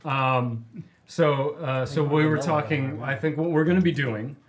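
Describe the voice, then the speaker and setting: A man's voice: a little high, steady tone, normal speed, a crowd in the background. A man on a game stream, casually explaining a contest with rambling stops and fillers. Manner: rambling, hesitant, lots of fillers. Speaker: player organizing a contest. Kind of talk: casual chat. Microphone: desk microphone.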